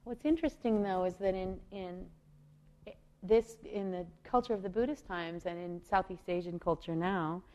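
A woman giving a gentle, unhurried meditation talk, with soft fillers and small laughs. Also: on the low side. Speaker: meditation teacher and singer. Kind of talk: gentle spoken dharma talk.

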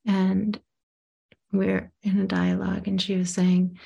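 A woman telling a reflective story about guiding someone, hesitant with many pauses, dropping to a whisper when she quotes. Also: medium pitch, completely flat delivery, gravelly, warm tone, breathy edge, highs cut off. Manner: drops to a whisper when quoting.

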